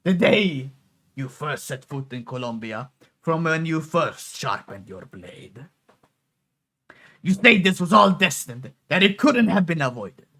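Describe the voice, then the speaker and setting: A man's voice: fairly high pitch, very animated, measured pace, pushed and bright, heavily acted. A man voicing a young actress playing a grieving, defiant heiress, in a dramatic mock Italian accent, reading a game story aloud. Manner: dramatic, declamatory.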